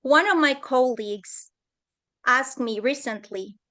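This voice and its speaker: A woman with a high voice shares a personal story as a summit guest, in an earnest, heartfelt manner. She speaks at an unhurried, slow pace. The sound comes through a video call. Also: pushed and bright.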